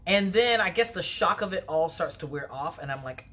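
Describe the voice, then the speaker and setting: A woman telling a personal story in a vlog, animated and lively, her voice leaping up when she replays her own words. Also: on the low side, normal speed, few pauses. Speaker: vlogger.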